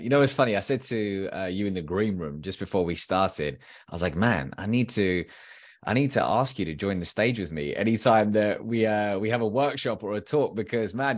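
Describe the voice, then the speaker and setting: A British man in his thirties, a guest on a podcast, telling his story in a lively, slangy way. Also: lowish voice, a little fast. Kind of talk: casual storytelling in an interview.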